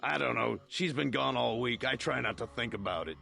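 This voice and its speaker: An actor playing a tired, worried middle-aged hotel owner in a video game, with a pleading manner. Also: male voice, mid-range voice, animated, a little fast, gravelly, sharp tone, faint music behind, full character voice. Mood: weary.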